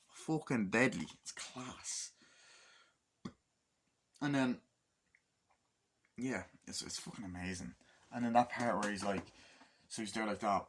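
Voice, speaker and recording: A man's voice: lowish voice, fairly bright tone, slight background noise. A man giving a casual, rambling movie review. He swears freely and acts out scenes in quoted voices.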